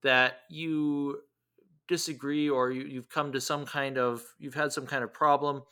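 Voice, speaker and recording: A man hosting a conversation shares a personal story in a reflective, slightly hesitant way. His voice has a bright, forward edge. He restarts phrases as he gathers his thoughts. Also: medium pitch, level tone, a little slow, smooth. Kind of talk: conversational interview.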